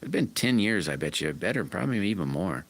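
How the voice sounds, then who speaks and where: A middle-aged man hosts a livestream, chatting casually with viewers in a folksy, rambling way full of restarts. His voice is low-pitched and sing-song, with a brisk pace.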